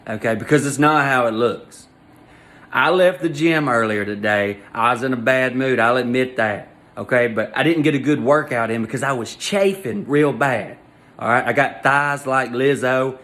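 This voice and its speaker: Man ranting through a comedy story. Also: medium pitch. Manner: animated, exasperated rant with crude jokes.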